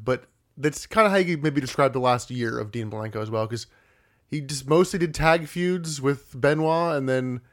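A man co-hosting a wrestling podcast, recapping matches in an easygoing, matter-of-fact way. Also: mid-range voice. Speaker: podcast co-host. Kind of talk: casual wrestling recap chat.

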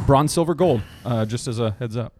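A man's voice: medium pitch, normal speed, darkish tone. A man co-hosting a podcast, telling stories in casual chat, laughing often and acting out voices. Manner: acts out voices in anecdotes. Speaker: podcast co-host.

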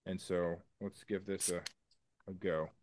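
Low-voiced, enthusiastic podcast co-host man. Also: steady tone, measured pace, darkish tone. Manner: enthusiastic, explains in detail, casual swearing. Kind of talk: casual chat.

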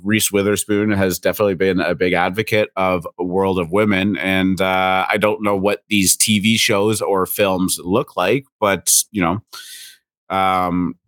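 A man co-hosting a casual morning podcast, talking in a relaxed, rambling way with lots of fillers. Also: low voice, a little slow, no echo, clean studio sound. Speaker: co-host.

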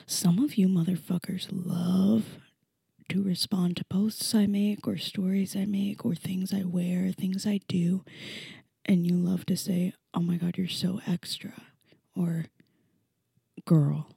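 A young woman vents on her solo podcast, raw and profane, her voice mellow and warm. She swings from hushed, half-whispered confessions to loud frustration, and mocks critics in a low voice. The sound is dry and close, with no room around it. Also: flat delivery, measured pace, vocal fry, slightly rough, dry recording. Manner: mocking quotes in a low voice. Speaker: podcast host. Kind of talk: candid solo podcast rant.

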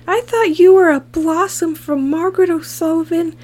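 A woman's voice: extremely high pitch, steady tone, moderate pace, a little mellow. A woman voicing a proper young girl scout in an improvised tabletop game, scolding and lecturing the adults. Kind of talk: improvised tabletop role-play.

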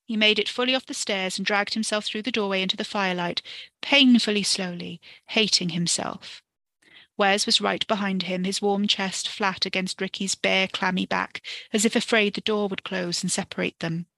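Woman reading a story podcast, bright voice, dry close sound, steady and expressive. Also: medium pitch, moderate pace, dry recording. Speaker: podcast narrator.

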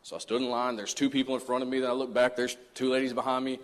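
Speaking rapid-fire at a medium pitch that barely moves, a man delivers a mini sermon about something from his own life. He is earnest and conversational and reenacts what he said back then, with long church-hall reverb around him in the sanctuary.

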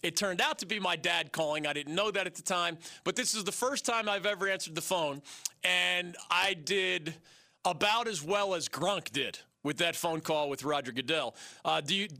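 Radio host guy, high bright voice, animated, chuckles while telling stories on air. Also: moderate pace. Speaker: radio call-in show host. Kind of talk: sports talk radio storytelling.

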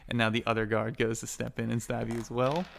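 A man's voice: medium pitch, level tone, vocal fry, fairly bright tone, a little hiss or hum. A man narrating a tabletop role-playing game as game master, improvising scenes and calling for rolls. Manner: improvised narration with quick character voices.

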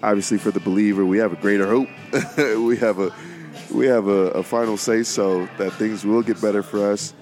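A man's voice: on the low side, steady tone, a little fast, darkish tone, faint music behind. A young man talking casually about faith and his life as a podcast host, rambling and repeating words, with plenty of informal slang. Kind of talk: casual faith-based monologue.

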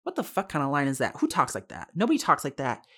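A young adult hosting a casual solo podcast about a film, talking in a chatty, candid way. The speech is full of fillers and quick asides, with free swearing and frequent bursts of laughter. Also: medium pitch, huge pitch swings, fairly bright tone. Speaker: podcast host.

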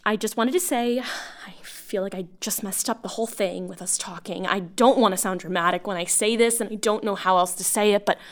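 An actress playing a lonely woman bartender who leaves long, halting voicemails for an old school friend, rambling and self-conscious. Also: medium pitch, close to an everyday voice. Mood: apologetic. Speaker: voice actor. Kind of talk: audio drama monologue.

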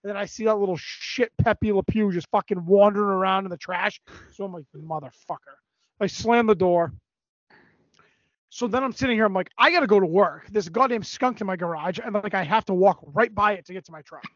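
A high-voiced man tells a rambling story with plenty of swearing and energy. His voice sits dry and close in a dull, lo-fi recording. It sounds like casual podcast chat. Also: brisk, no room sound. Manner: animated, profane storytelling. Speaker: podcast co-host.

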